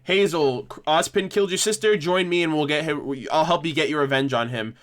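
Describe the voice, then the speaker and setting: A man's voice: fairly high pitch, a little fast, a bit bright, close to an everyday voice. A man voicing a scheming villain queen who recruits followers in a coaxing, persuasive way.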